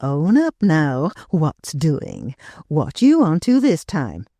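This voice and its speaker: A woman's voice: sits low, wildly swooping pitch, takes it slowly, mellow, no echo, clean studio sound, full character voice. A woman voicing a brash, teasing middle-aged society woman who wheedles and mocks in slang.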